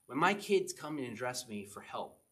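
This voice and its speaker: A middle-aged man, a pastor, preaching a conversational sermon and often checking in with his listeners with a quick "okay?". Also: medium pitch, very animated, fairly bright tone. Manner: conversational, chatty preaching with frequent "okay?" asides.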